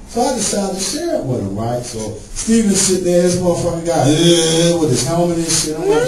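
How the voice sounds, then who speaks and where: A man doing a stand-up set, telling profane stories and acting out the people in them with high voices. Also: animated, brisk, few pauses, music in the background. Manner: profane storytelling, acts out characters in high voices. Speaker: stand-up comedian. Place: comedy club stage. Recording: roomy club sound from a distance.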